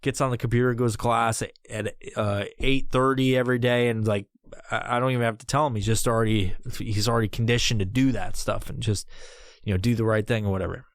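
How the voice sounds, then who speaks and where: A man's voice: medium pitch, fairly even intonation, quick pace, no room sound, studio quality. A man in his thirties hosting a podcast, telling a comedic story in a rambling, heavily profane way. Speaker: podcast host.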